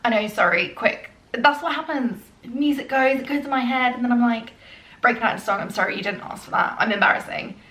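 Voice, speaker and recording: A woman's voice: fairly high pitch, fast. Chatty young woman vlogger, roomy echo. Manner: chatty, earnest, frequent ums, turns soft and emotional. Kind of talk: casual get-to-know-me Q&A.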